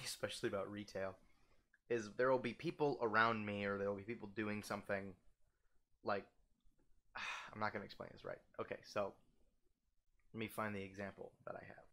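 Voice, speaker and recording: A young man ranting casually, animated and profane, his voice jumping up when heated. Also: fairly quick. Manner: animated, swearing, heated, with sudden pitch jumps. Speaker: vlogger ranting.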